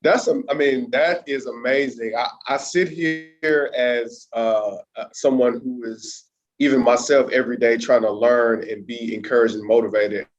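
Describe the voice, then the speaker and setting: A man's voice: mid-range voice, steady tone, measured pace, lo-fi sound. A man hosting an interview, enthusiastic and encouraging toward his guest. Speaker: interview host. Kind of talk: conversational interview.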